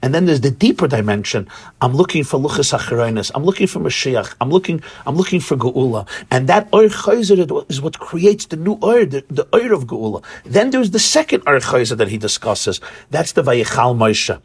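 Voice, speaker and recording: A man teaching a Torah class in a synagogue, animated, often repeating words and restarting phrases as he searches for terms. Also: mid-range voice, breathy edge. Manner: animated, acts out voices of students and fathers.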